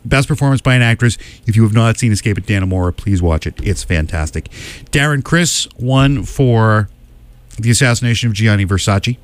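A man co-hosting a casual podcast chat, listing award winners with quick opinions and frequent "uh" fillers. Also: lowish voice. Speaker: podcast co-host.

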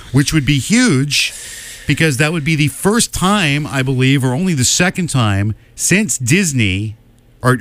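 A man co-hosting a casual podcast chat, listing award winners with quick opinions and frequent "uh" fillers. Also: medium pitch. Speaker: podcast co-host.

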